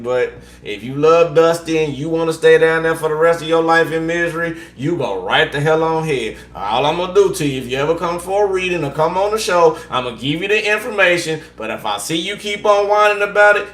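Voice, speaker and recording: A man giving a blunt, preachy tarot reading, swinging between fired-up lecturing and low muttering. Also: a bit bright, reverberant. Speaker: tarot reader. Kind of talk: live tarot reading monologue.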